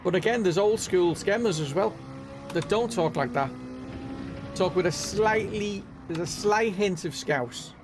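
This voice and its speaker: A man's voice: high voice, unhurried, noisy background. A man with a mild Merseyside accent, chatting casually and rambling as he hosts a sim racing live stream. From northwest England. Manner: rambling, chatty, keeps saying "know what I mean". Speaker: gaming livestream host. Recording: live stream with music underneath. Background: game music playing.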